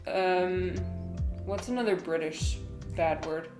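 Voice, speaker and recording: A woman's voice: fairly low pitch, a little slow, roomy sound, soft background music. A woman chatting casually on a live stream, giggling and rambling with lots of fillers.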